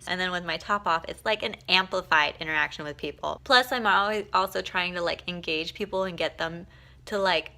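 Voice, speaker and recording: A woman's voice: lowish voice, fairly quick, gravelly, sharp tone. Tired, swearing young woman vlogger. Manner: loose, laughing, swears freely. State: exhausted. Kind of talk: casual vlog chat.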